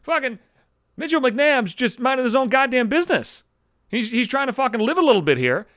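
A man hosting his own show, telling a profane comic story in an animated rant and swearing freely. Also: high-pitched, no echo, clean studio sound. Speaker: host.

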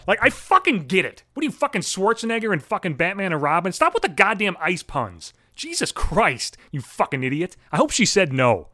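A man's voice: high voice, wildly swooping pitch, brisk, few pauses, bright, forceful tone, no room sound, studio quality. Foul-mouthed exasperated man ranting. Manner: crude, exasperated, swears constantly. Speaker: podcast host. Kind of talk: profane comedic rant.

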